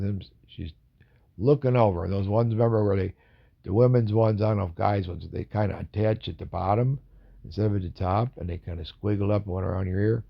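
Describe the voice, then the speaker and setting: A man rambling through a casual story with lots of asides, gravelly and a bit raspy. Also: sits low, dull audio.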